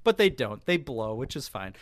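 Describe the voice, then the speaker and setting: A man hosting a sports podcast, talking in a joking, teasing, excitable way. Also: mid-range voice, normal speed, no echo. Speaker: podcast host. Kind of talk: casual sports podcast banter.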